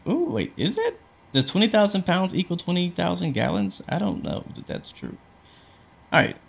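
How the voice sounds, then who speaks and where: A man's voice: medium pitch, slight background noise. A man streaming a flight simulator, talking through each step in a chatty, casual way and answering viewers' chat questions. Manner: frequent fillers and restarts. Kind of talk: casual livestream commentary.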